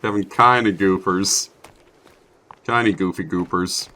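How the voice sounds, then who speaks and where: A man's voice: deep voice, steady tone, measured pace, bright, forceful tone. A young man commentating his own gameplay in a chatty, self-mocking way, with sudden startled outbursts. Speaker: streamer playing a survival game. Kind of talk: let's play commentary.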